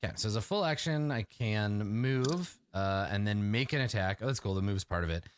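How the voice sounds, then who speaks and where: A man's voice: on the low side, lively intonation, fairly quick, a little hiss or hum. A man playing a tabletop game, blunt and joking, reading the rules aloud as he works out his move. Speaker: player. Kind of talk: casual tabletop play.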